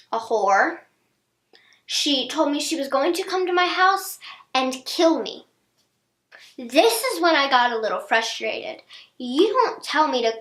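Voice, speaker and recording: A teenage girl telling a storytime vlog in casual chat, animated, acting out what others said. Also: high voice. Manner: chatty, animated, acts out quotes of others. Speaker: vlogger. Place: indoor room, seated on a chair. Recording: echoey room.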